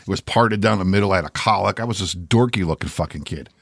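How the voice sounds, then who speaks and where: A man's voice: low voice, quick pace, gravelly, breathy edge, no room sound, studio quality. An older man, a podcast co-host, telling a story in casual, profane talk and acting out the voices. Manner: profane, animated storyteller who acts out voices.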